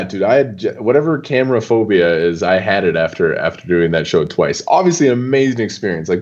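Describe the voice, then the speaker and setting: A young man talking as a guest on an interview show, loose and animated, full of casual fillers. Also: low-pitched, muffled recording. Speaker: poker player guest.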